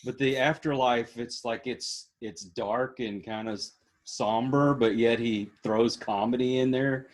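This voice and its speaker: A man's voice: mid-range voice, fairly even intonation, measured pace, hardly any pauses. A man with a Texan accent hosting a casual interview, friendly and a little rambling. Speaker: podcast host.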